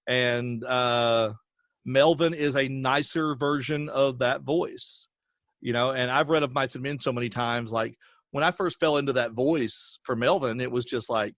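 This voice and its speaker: A man with an Appalachian accent, an animated storyteller who slips into character voices as he chats. His pitch sits mid-range for a man. The recording is dry and close, with no room sound. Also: normal speed, no echo. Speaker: podcast creator and narrator, guest. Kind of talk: casual interview chat.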